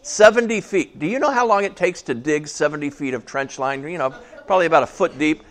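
A man's voice: fairly high pitch, fairly quick, few pauses. A man preaching a casual sermon to a small church, chatty and joking, asking the congregation questions. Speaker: pastor.

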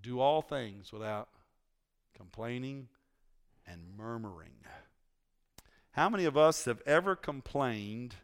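A man's voice: medium pitch, animated, slow pace, pauses often, clear, resonant tone. A male preacher giving a conversational sermon in a church, teasing his congregation and asking them questions.

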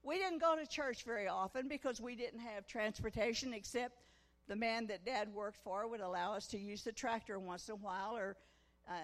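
A woman, preaching a testimony sermon at a women's conference, folksy storytelling that swells into fervent preaching. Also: fairly high pitch. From Missouri. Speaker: guest preacher. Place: church conference hall. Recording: echoey church hall.

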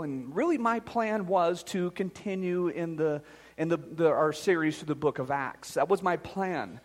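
Middle-aged man, pastor, high voice, emphatic sermon delivery, church with long reverb. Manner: earnest, emphatic preaching. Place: church sanctuary. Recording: long reverb of a large hall.

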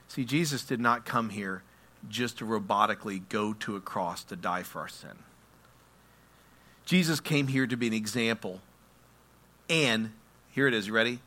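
A man preaching a sermon, moving between quiet explanation and loud, impassioned passages where he acts out prayers. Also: medium pitch. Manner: acts out prayers and quotes in his own voice. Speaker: pastor.

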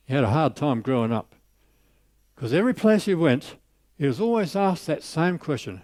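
A man preaching a sermon, telling a story and lifting his voice on scripture before dropping soft on key lines. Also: on the high side, very animated, normal speed, no echo.

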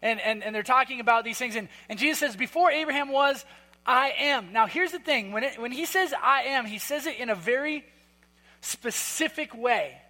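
A man preaching a sermon in a church hall, conversational and emphatic, with quick asides. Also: extremely high pitch, animated, bright, forceful tone. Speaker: pastor.

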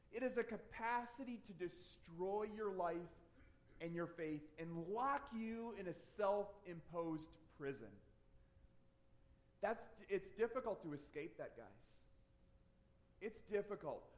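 A man preaching a sermon, earnest and conversational, often restarting his phrases. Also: high-pitched. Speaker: pastor.

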